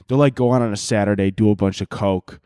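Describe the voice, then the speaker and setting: A man's voice: fairly low pitch, steady tone, fast, mellow, smooth, no room sound, clean studio sound. A man hosting a podcast, telling rambling, profane comic stories and laughing often. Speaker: podcast host. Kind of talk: casual comedic podcast monologue.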